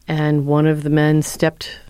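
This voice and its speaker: A middle-aged woman, a former speechwriter and lecturer, answering interview questions with earnest, lively storytelling. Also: deep voice, slow, smooth, dry recording. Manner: earnest, lively storyteller who acts out quotes.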